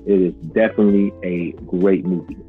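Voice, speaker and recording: A man co-hosting a podcast in casual chat, animated and joking, laughing often. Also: deep voice, a little fast, phone-quality sound, soft background music. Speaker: podcast co-host.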